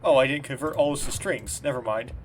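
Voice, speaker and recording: A man casually commenting as he plays a game, in a quiet, rambling, low-key way. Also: brisk, slight background noise. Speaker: gameplay commentator.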